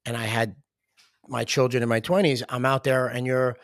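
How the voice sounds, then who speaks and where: A man's voice: medium pitch, little pitch movement, normal speed, dry recording, studio quality. A man hosting a podcast interview, reflecting at length before asking his questions. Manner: reflective, asks long questions. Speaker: podcast host.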